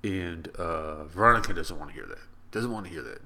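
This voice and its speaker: Deep-voiced man reviewing a film. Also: normal speed, hardly any pauses, sharp tone. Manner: rambling, heartfelt, many restarts. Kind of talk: casual vlog monologue.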